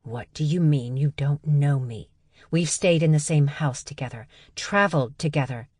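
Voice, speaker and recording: A woman voicing a protective, hot-tempered jackal shifter woman in an audiobook, indignant and pointed, rising to shouting. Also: low voice, moderate pace, husky, no echo, studio quality.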